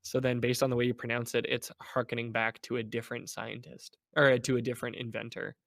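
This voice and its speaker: A man chatting casually as a guest on a podcast, animated and playful, slipping into mock voices. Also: medium pitch, a little fast, vocal fry. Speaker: guest, game developer.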